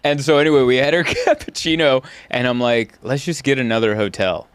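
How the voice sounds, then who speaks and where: A man in his thirties hosts a relaxed podcast conversation. He tells stories in an animated way, laughing often as he goes. His voice sits mid-range and sounds dry and close, with no room around it. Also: mid-range voice, brisk, clean tone, no echo. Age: 30s. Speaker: podcast host. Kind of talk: casual chat.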